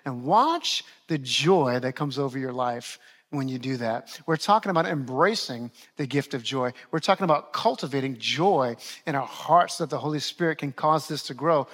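A man's voice: fairly high pitch, expressive, normal speed, a bit bright. A man in his forties, a pastor preaching a sermon, repeating key phrases and asking the congregation questions.

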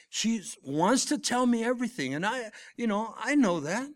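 A middle-aged pastor with a high-sitting male voice preaches at a normal pace, his intonation lively. His sermon moves between emphatic, loud lines and hushed, almost whispered moments.

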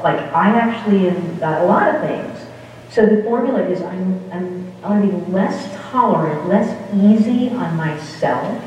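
In a lowish, slightly mellow voice, a woman rambles through a casual spiritual talk, chatting and interrupting herself mid-sentence. It sounds distant and dull, captured in an echoey hall with some hiss or hum.

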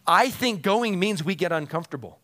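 A male pastor delivering a sermon in a relaxed, conversational way. His voice sits a little high for a man, and he often chuckles and repeats his key phrases for emphasis. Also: moderate pace.

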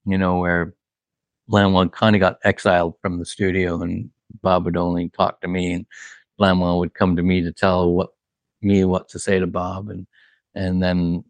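Gravelly-voiced male producer telling stories. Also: deep voice, monotone, normal speed, no room sound. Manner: rambling, full of "like" and "you know", laughs at his own stories. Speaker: record producer, guest. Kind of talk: casual storytelling.

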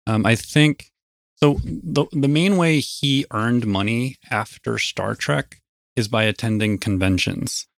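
A man's voice: mid-range voice, takes it slowly, vocal fry, no room sound, clean studio sound. A man speaking as a podcast guest in casual chat, hesitant, often restarting his sentences. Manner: hesitant, many fillers and restarts.

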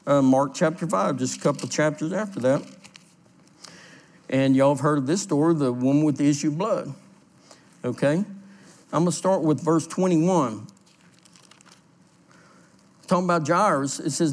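A man, a pastor preaching a sermon, telling a personal story with laughter and then reading scripture aloud and explaining it. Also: high voice. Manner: storytelling, animated, laughs at his own story.

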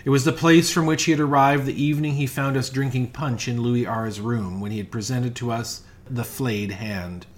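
A man giving a dramatic reading of a classic ghost story, measured and often dropping to a hush. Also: mid-range voice, fairly even intonation. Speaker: reader.

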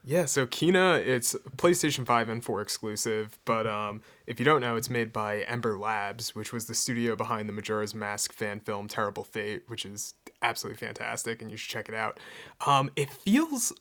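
A man's voice: lowish voice, moderate pace, a bit bright. A man co-hosting a casual podcast, talking with eager enthusiasm. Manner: enthusiastic, gushing. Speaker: podcast co-host.

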